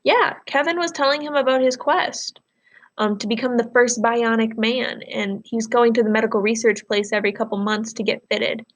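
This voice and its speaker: Teacher reading a novel aloud. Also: female voice, fairly high pitch, fairly even intonation, moderate pace. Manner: explains words and asks the class questions between passages.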